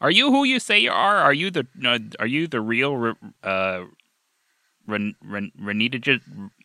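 A man's voice: mid-range voice, lively intonation, normal speed, sharp tone, dry recording. A man playing an earnest, weepy fire chief and historian who stammers and gets tearful on a comedy podcast.

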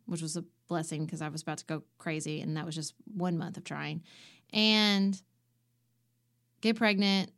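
A woman on a podcast, telling a personal story in a lively way and acting out what others said. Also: on the low side. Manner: animated, acts out quoted voices. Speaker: podcast co-host.

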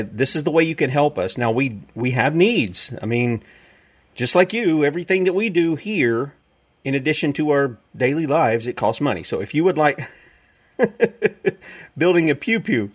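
A male radio show host, rambling casually through announcements and laughing easily. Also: medium pitch.

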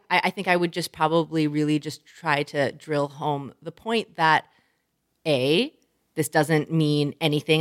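A woman co-hosting an advice podcast, animated and frank, laughing often and swearing casually. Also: deep voice. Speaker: podcast co-host.

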